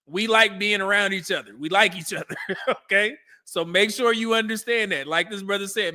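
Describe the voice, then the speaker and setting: A man hosts a casual live stream and reacts to old dating show clips. His voice sits high for a man and sounds bright and forward. He laughs often and talks straight back at the screen. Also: moderate pace.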